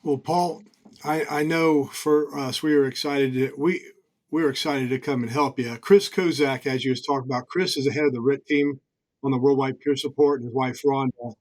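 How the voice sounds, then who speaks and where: A man's voice: medium pitch, fairly even intonation, moderate pace, darkish tone, no echo. A man hosting an interview, asking loose, rambling questions. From Indiana, USA. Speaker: podcast host. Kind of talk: casual interview.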